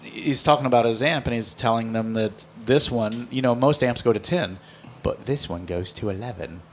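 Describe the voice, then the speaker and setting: A man's voice: mid-range voice, normal speed, slight background noise. A man hosting a casual podcast chat over bourbon, rambling and swearing as he talks. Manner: rambling, swearing, laughing often. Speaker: podcast host.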